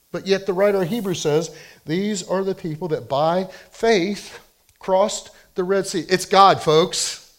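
A man preaching a sermon in an animated way, rising loud when he quotes people and dropping soft and low for personal appeals. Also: moderate pace. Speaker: pastor.

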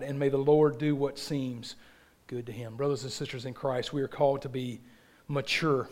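An earnest male preacher delivering a sermon in church. His voice sits a little higher than most men's, and he leans on repeated phrases, often sinking soft at the close of a line.

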